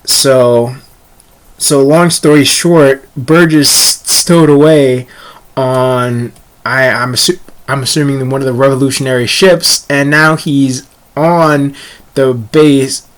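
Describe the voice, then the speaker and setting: A man's voice: medium pitch, fairly even intonation, unhurried, a bit bright. A young man casually reviewing a comic chapter, rambling and often stumbling over words and restarting.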